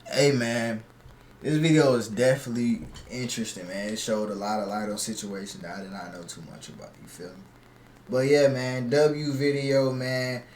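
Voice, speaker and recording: A man's voice: medium pitch, fairly even intonation, normal speed, darkish tone, reverberant, slight background noise. A man giving casual, slangy reaction commentary, talking back to a video as he streams.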